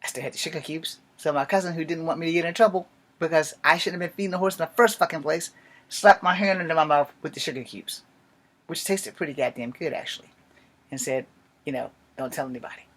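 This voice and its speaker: Young man, casual storytime, lots of swearing, mutters then bursts out loud, drops to whispers. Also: fairly high pitch, fast. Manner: swearing, jokey, swings from mutters to loud outbursts. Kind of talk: casual profane storytime monologue.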